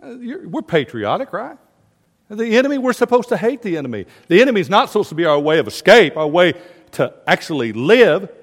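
A male pastor preaching a sermon with passion, swinging between loud declaiming and quiet, confiding asides. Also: high-pitched, very animated, brisk, big-room sound.

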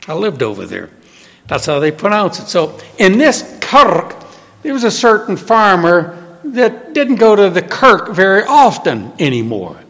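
A man preaching a sermon in an emphatic way, swinging from loud declarations to hushed storytelling. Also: sits high. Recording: long reverb of a hall.

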